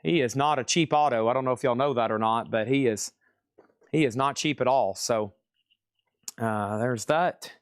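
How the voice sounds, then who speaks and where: A man hosting a live-streamed record auction, calling bids and sales in a fast, chatty, upbeat patter. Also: mid-range voice, clear, resonant tone, no room sound, studio quality.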